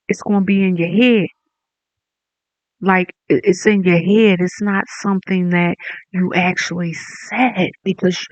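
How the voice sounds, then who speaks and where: An online commentator delivering a mocking, profane rant that spins into a drawn-out, taunting made-up story. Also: medium pitch, no room sound.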